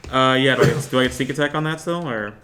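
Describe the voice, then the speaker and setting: A man's voice: medium pitch, quick pace, pushed and bright. A man playing a tabletop game, describing his character's actions hesitantly with many fillers. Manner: hesitant, many fillers, laughs between phrases. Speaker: player.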